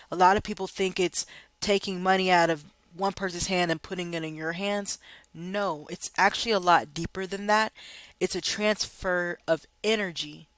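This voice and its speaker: A man's voice: sits high, a bit bright, clean tone, dry recording. Upbeat man coaching sales in a dry room. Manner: upbeat, encouraging, addresses viewers as guys. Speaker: life insurance sales trainer. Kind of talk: casual training video. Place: home office.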